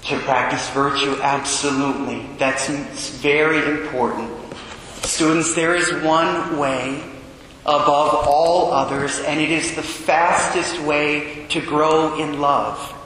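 A male priest reading the Gospel and preaching a deliberate, emphatic homily to students. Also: a little high, fairly even intonation, fairly bright tone, slight background noise. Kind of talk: homily at Mass. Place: church. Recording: echoey church, long reverb.

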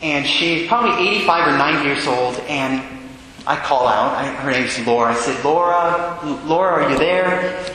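A Catholic priest delivers a storytelling sermon with earnest feeling, sinking to a hush when the story turns quiet. His voice is slightly high and bright. The sound carries a long, roomy reverb from a church hall with a faint hiss underneath. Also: moderate pace.

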